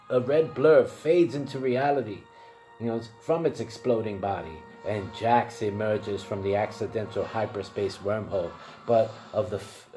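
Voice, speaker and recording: A man's voice: mid-range voice, warm tone. Man narrating an improvised story, rambling. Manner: rambling, with self-corrections. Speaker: storyteller, channel host. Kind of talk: improvised fan role-play narration.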